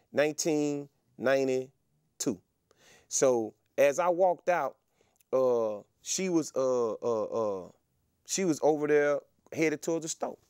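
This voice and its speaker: A middle-aged man, an interview guest telling a story in a casual, animated way with many fillers and restarts. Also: a little high, clear, resonant tone, no room sound, studio quality. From Texas.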